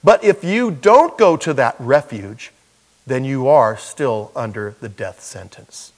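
A man's voice: mid-range voice, lively intonation, slow, darkish tone, big-room sound. An older man, a pastor and grandfather, preaching a sermon in a conversational, folksy way with asides.

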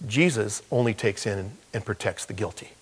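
A man's voice: fairly low pitch, normal speed, breathy edge, big-room sound. An older man, a pastor and grandfather, preaching a sermon in a conversational, folksy way with asides.

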